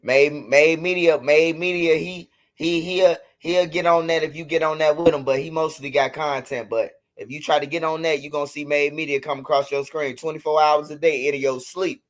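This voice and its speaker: A man's voice: fairly high pitch, fairly even intonation, moderate pace, hardly any pauses. A man with a Chicago accent hosting casual livestream commentary, mocking and trash-talking his critics with lots of repetition. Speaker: commentary host of a street news channel.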